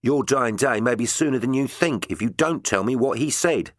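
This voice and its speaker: A man's voice: medium pitch, lively intonation, normal speed, no room sound, studio quality, voice pushed up, close to an everyday voice. A man doing a flamboyant vain actor. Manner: florid, theatrical, self-admiring. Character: vain theatrical male actor narrator, flamboyant.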